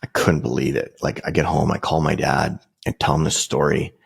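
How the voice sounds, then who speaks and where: A man's voice: extremely low pitch, level tone, normal speed, gravelly, breathy edge. A man, hosting a podcast and telling a personal story in a casual, conversational way, swearing freely and restarting often. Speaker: podcast host.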